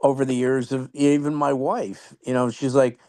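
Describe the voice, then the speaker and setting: A man's voice: medium pitch, normal speed, dry recording, clean studio sound. Rambling older man in casual talk. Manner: rambling, restarts, animated; storytelling about the past. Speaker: show host. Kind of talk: casual political chat.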